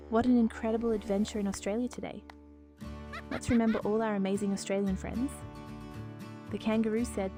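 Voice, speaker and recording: A woman reading a scripted animal lesson for toddlers in a slow, cheerful sing-song voice, repeating words for little children to copy. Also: mid-range voice, level tone, warm tone, faint music behind. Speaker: children's video narrator.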